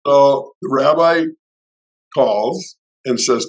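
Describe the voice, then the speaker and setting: Middle-aged male podcast co-host, mid-pitched, storytelling, chatty with restarts. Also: lively intonation, unhurried, rough recording. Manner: anecdotal, with restarts and acted-out quotes. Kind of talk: personal storytelling in conversation.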